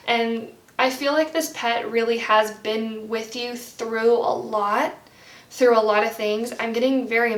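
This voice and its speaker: A young woman reading tarot cards in a gentle, heartfelt way, rambling with lots of "like". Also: on the high side. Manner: rambling, heavy use of "like". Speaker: tarot card reader. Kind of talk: pick-a-card tarot reading. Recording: roomy, slightly distant from mic.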